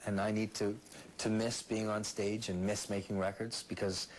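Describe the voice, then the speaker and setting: A man being interviewed in casual chat, joking about himself and mixing halting Spanish into his English. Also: on the low side, level tone, a little hiss or hum, low-quality recording. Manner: self-deprecating, mixes broken Spanish into English. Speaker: interview guest, singer.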